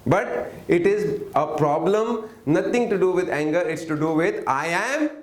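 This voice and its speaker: The man sounds high-pitched, with lively intonation and a measured pace. He's a workshop teacher giving an interactive lesson in an echoey room, frequently posing questions to the audience, pausing for replies, and coaxing them to speak up.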